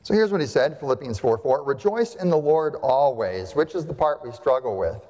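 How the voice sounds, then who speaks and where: A man's voice: medium pitch, expressive, normal speed, a little mellow. A male pastor delivering a sermon to his congregation, emphatic, with rhetorical questions and repeated phrases. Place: church sanctuary. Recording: long hall reverb.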